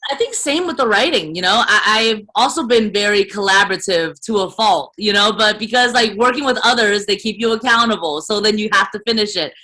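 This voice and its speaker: A young woman from the United States chats over a video call with a bright, forward voice. She talks in an animated, emphatic way, rambling and piling on fillers as she goes. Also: mid-range voice, a little fast, few pauses. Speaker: actress guest. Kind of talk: casual video call conversation.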